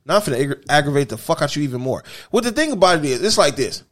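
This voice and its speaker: A man's voice: a little high, big pitch swings, racing, fairly bright tone. A man co-hosting a casual podcast, joking and teasing as he talks, with music faint in the background. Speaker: podcast co-host. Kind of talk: casual profane chat.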